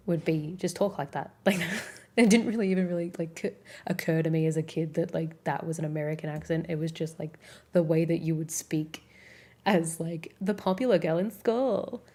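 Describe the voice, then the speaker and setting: Low-voiced Australian woman streamer chatting. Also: mellow. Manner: rambling, filler-heavy, giggly. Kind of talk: casual chat with live chat.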